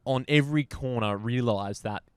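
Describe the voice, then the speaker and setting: An Australian man co-hosts a cycling show, laid-back and jokey, often tossing in mate. His voice is a touch lower than most men's but still middle pitch. It is recorded close and dry. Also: normal speed, clear, resonant tone, no room sound. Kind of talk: casual sports chat.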